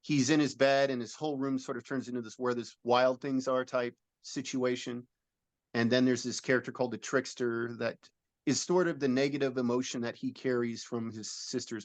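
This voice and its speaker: A man's voice: medium pitch, no echo. Earnest middle-aged man telling a long story. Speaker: film director and producer. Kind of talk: interview, describing a film idea.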